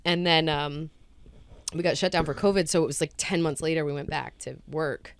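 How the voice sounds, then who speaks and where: A woman's voice: low-pitched, normal speed, clear, resonant tone. A woman in her thirties from Rhode Island, a guest actress telling stories in casual chat and acting out the quotes. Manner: animated storyteller acting out quotes.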